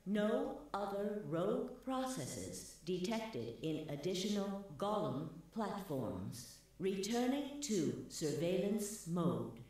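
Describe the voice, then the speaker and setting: Video game AI announcer, female, cold and flat; slow and echoey. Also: medium pitch. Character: cold female computer surveillance system. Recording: heavy echo on voice.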